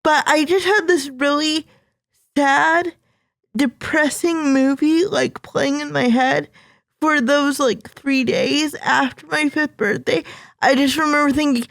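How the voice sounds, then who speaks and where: High-voiced woman telling her story. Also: fairly even intonation, takes it slowly, vocal fry, no room sound. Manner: earnest, emotional, acts out her younger self. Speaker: podcast guest. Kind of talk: personal storytelling.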